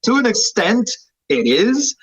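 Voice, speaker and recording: A man's voice: high voice, big pitch swings, unhurried. A man in his thirties, a jiu-jitsu instructor talking as a podcast guest, rambling and self-deprecating with lots of fillers. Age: 30s. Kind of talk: casual podcast conversation. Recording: slightly dull podcast audio.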